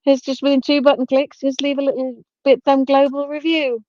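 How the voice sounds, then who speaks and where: A woman's voice: sits high, level tone, a little fast, a little mellow, no echo, lo-fi sound. A woman co-hosting a casual online crypto talk stream, chatty and giggly, often trailing off with fillers. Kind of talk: casual chat.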